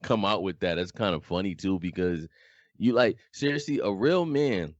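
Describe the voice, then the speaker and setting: A man co-hosting a podcast in a casual, animated, slangy chat, with a slightly smoky voice. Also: deep voice, normal speed, dry recording, lo-fi sound. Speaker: podcast co-host.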